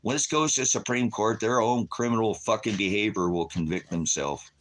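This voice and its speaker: Here a middle-aged vlogger with a lowish voice talks a little fast, venting his rage on camera with near-constant swearing. When worked up, he shouts, and at times he ridicules people by quoting them in mocking, put-on voices.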